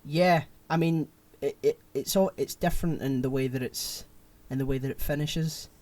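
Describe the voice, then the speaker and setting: A man co-hosting a podcast, chatting casually and retelling a film plot in an animated, rambling way. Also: on the high side, moderate pace. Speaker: podcast co-host. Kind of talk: casual chat.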